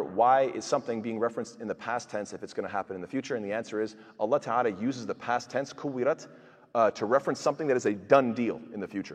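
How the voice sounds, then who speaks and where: A man's voice: mid-range voice, big-room sound. A man teaching Quran tafseer, explaining verses with rhetorical questions and frequent fillers. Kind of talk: tafseer lecture.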